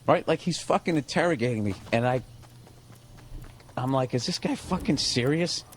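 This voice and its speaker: A male comedian tells a profane, animated story in a mid-range voice. Steady gunfire and clicking from a game sound clearly behind him. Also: medium pitch, moderate pace, slight background noise. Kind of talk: storytelling over gameplay.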